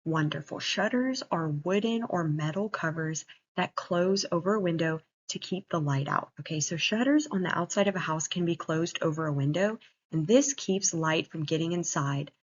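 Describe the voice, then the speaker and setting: A woman teacher giving a gentle, encouraging online reading lesson to young children over a computer mic. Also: deep voice, moderate pace. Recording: muffled lo-fi recording.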